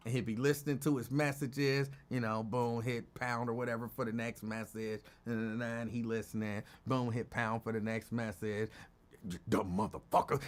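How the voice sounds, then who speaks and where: A man hosting his own show, telling rambling stories in a casual chat and laughing often. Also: mid-range voice. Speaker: show host.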